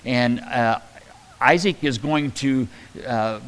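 A man preaching a conversational Bible-teaching sermon, talking in a halting way with many fillers and restarts. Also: medium pitch, a bit bright, poor audio. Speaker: pastor.

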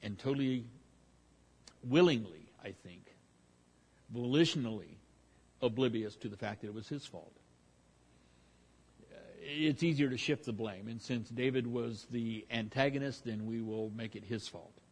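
A man's voice: medium pitch, a little slow, pauses often, a little mellow, slightly rough. A man preaching verse by verse through a Bible passage, talking conversationally with frequent restarts and fillers.

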